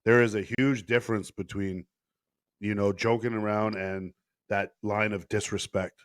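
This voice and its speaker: A man's voice: on the low side, little pitch movement, normal speed, clean tone, no echo, studio quality. Blunt, profane male podcast host. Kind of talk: casual podcast conversation.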